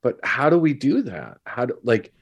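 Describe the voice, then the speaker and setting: A man's voice: medium pitch, sing-song, moderate pace, gravelly, slightly rough, dull audio. A man as a player in a tabletop game, talking in a hesitant, stop-start way. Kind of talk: tabletop role-play.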